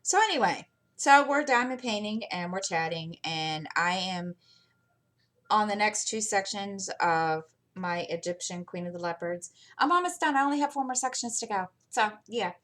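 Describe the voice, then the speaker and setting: A middle-aged woman hosts her channel, chatting casually and telling rambling stories while working on a craft. Her voice is medium-pitched, animated, fairly bright, and moderately paced.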